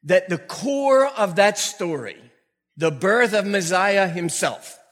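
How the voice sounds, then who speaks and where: High-voiced older pastor in a reverberant church. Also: male voice, takes it slowly. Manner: animated, humorous storyteller who laughs often. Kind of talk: storytelling sermon. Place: church before a congregation. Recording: long reverb from a large church hall.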